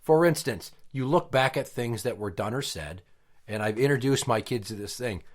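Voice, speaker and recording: Blunt, animated man hosting a podcast. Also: medium pitch, moderate pace. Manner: blunt, swears freely, animated storytelling. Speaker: podcast host. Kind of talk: casual profane podcast chat.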